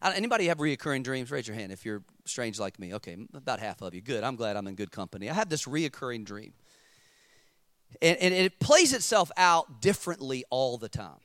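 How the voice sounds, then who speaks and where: A man preaching a sermon as pastor, animated and emphatic, acting out his stories. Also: medium pitch, fairly quick, no echo, studio quality.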